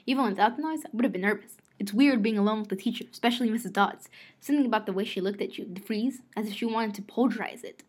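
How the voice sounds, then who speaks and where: A woman's voice: mid-range voice, fast, husky. Woman reading a novel aloud. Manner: expressive first-person reading, rereads lines after slips. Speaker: audiobook reader.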